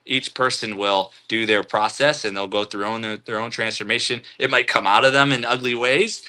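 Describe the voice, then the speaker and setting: A man with a very bright, ringing voice hosts a casual live stream. He reads comments aloud and drifts into relaxed spiritual musing, chuckling as he goes. His pitch sits in an ordinary middle range. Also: normal speed. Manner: laid-back, spiritual musing, chuckles often.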